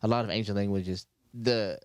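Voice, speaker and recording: A man's voice: on the low side, steady tone, a little mellow, no room sound, studio quality. A man, chatting casually and restarting his words often. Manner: halting, repeats words while explaining. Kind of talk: casual chat.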